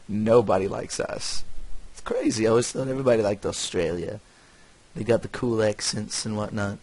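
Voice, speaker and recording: A man giving casual, rambling commentary while playing a strategy game, correcting himself often and dropping wry asides with soft chuckles. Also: fairly low pitch, steady tone, normal speed, pauses often. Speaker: gaming channel host.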